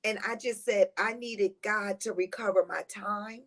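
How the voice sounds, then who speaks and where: A middle-aged woman who is a guest on a talk show. She tells heartfelt, rambling personal stories in a lively, positive, high-energy way. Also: measured pace. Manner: rambling, heartfelt storytelling with restarts. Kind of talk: casual conversational interview.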